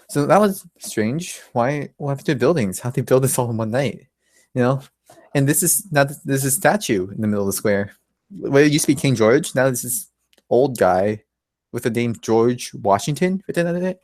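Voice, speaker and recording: A man's voice: mid-range voice, dry recording, clean studio sound. Chatty young man retelling a story. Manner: chatty, full of asides and rhetorical questions.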